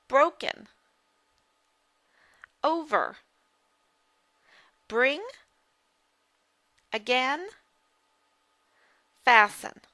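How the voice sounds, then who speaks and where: A woman teaching reading in a slow, measured way. Her voice is bright and crisp and sits a little high, and it is recorded close and dry. She repeats each word carefully so learners can follow. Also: dry recording. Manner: slow, deliberate, repeats words for drill. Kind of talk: scripted phonics lesson.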